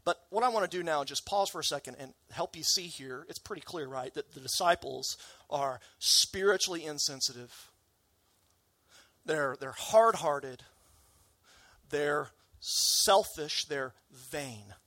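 A man preaching a sermon, lively and emphatic, asking rhetorical questions and acting out the disciples' lines. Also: fairly high pitch, measured pace, dry recording. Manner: animated, acts out disciples' voices, rhetorical questions. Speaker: pastor.

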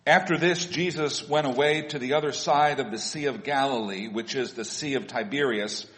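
A man reads a scripture passage during a church service, his voice measured and plain at a middling pitch. The sound rings with the long reverb of a large sanctuary. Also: a bit bright. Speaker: worship leader reading scripture.

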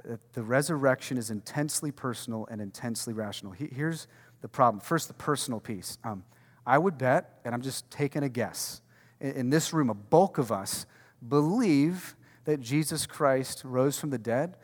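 A man's voice: mid-range voice, moderate pace. A male pastor preaching a sermon with emphatic rhetorical questions and casual slang. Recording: long reverb from a large hall.

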